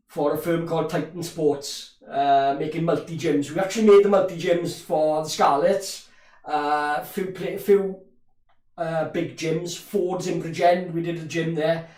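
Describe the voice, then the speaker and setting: A man's voice: high-pitched, far from the mic. A middle-aged man with a Llanelli Welsh accent, chatting casually while he streams a live rugby match and reads out viewer comments. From Wales. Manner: chatty, rambling, laughs often, reads chat aloud. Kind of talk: casual live rugby watch-along chat. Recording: roomy echo, voice a bit off-mic.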